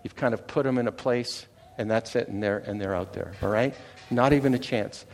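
A man's voice: mid-range voice, brisk. A middle-aged Canadian man preaching a sermon in a conversational way. He often repeats words and checks in with the congregation. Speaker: pastor.

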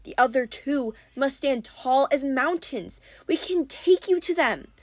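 A woman reading an audiobook, voicing a tender-hearted young male cyclops who pleads earnestly, pitched clearly higher. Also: animated, measured pace, dry recording. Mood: pleading.

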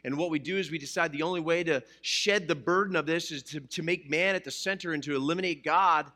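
Bright-voiced male pastor preaching conversationally. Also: a little high, quick pace. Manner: conversational preaching with jokes and questions to the congregation. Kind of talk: sermon. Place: church, addressing a live congregation.

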